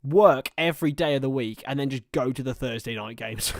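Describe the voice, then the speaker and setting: A young man in his twenties giving chatty, excitable live football watchalong commentary to his chat, laughing often. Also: mid-range voice, fairly quick. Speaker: streamer and commentator.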